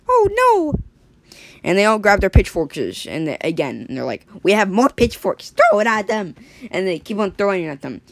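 A woman casually telling an improvised story, rambling and animated, with sound effects. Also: sits low, no echo.

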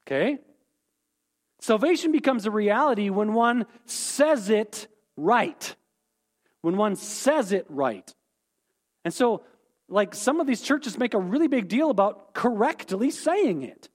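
A man's voice: high voice, animated, slow. A man teaching a Bible lesson, explaining terms and repeating key points, often checking in with "okay?".

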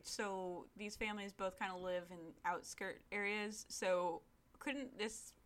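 A woman's voice: medium pitch, unhurried. A woman co-hosting a casual podcast. She swears easily and laughs between points. She throws herself into exaggerated retellings of scenes. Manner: profane, laughing, animated retellings. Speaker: podcast co-host. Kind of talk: casual chat.

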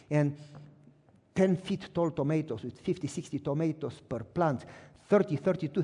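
A man's voice: a little high, dark tone, slightly rough, long reverb tail. A man preaching a storytelling sermon as a pastor, who acts out the dialogue and asks the audience questions.

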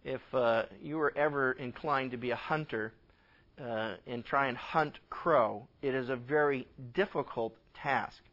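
A man, a pastor, teaching a Bible passage in an impassioned sermon, swinging from loud emphatic lines to quiet asides and acting out bits of dialogue. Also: mid-range voice, muffled recording. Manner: acts out dialogue with God and others in quick conversational voices.

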